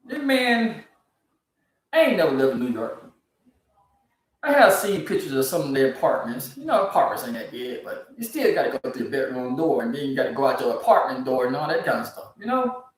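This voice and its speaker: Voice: medium pitch, sing-song, fairly quick. A speaker, ranting disbelievingly about odd news stories in a casual comedic commentary. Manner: incredulous, ranting, laughs often. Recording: very echoey, from far off the mic.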